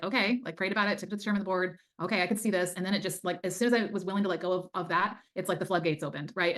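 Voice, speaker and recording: A middle-aged woman talks very quickly as a guest in a casual interview. She speaks in a low-pitched voice. She tells her story earnestly, full of faith. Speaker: guest, time management coach.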